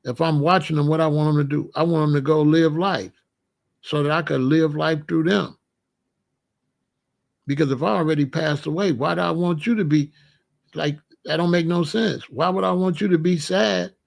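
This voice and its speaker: A middle-aged man talking casually and giving life advice, animated and conversational, with frequent restarts. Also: a little high, normal speed, gravelly. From Chicago area. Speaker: vegan lifestyle host.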